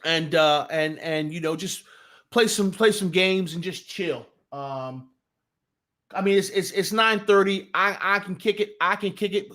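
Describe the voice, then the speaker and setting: A man with a fairly high voice hosts a live sports talk stream. He rambles in a relaxed way, restarting his sentences and filling gaps with fillers. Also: measured pace. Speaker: sports talk show host. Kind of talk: casual live-stream chat.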